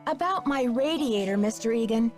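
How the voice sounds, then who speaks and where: Nancy Drew, woman voicing high and assured. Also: lively intonation, normal speed, over music, close to an everyday voice. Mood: inquisitive. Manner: crisp, assured, inquisitive. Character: confident young female detective, polite. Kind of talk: video game voice acting.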